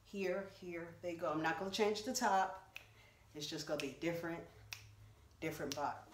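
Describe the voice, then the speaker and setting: Animated woman in a roomy echo. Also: lowish voice, moderate pace, distant mic, a little hiss or hum. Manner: animated, exclaiming, talking to viewers. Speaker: vlogger. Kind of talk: chatty try-on haul vlog. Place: home room.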